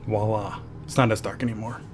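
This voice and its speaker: A man's voice: fairly low pitch, little pitch movement, fairly quick, noisy background. Chatty man streaming a game. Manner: chatty, reads chat aloud, laughs often. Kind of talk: casual gameplay commentary.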